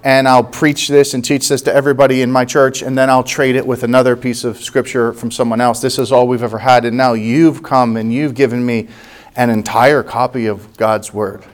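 A man in his forties from the United States, a pastor telling a personal story in a sermon, animated and acting out the dialogue. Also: mid-range voice, fairly quick.

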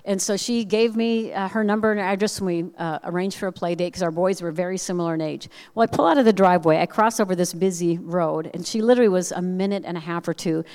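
A woman speaker giving a personal storytelling message with animated, self-deprecating humor, acting out the voices of people in her story. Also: fairly low pitch, fast, hardly any pauses, clean tone. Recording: long reverb of a large hall.

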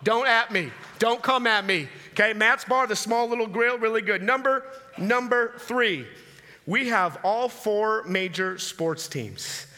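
Hyped-up high-voiced preacher in a big hall. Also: male voice, unhurried. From Minnesota. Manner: energetic, hyped-up, calls out to the crowd. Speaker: traveling preacher. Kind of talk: comedic stage talk to a live crowd. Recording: long hall reverb.

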